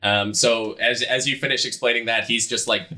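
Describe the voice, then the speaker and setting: A man narrating as game master of a tabletop role-playing game, easygoing and relaxed. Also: mid-range voice, normal speed.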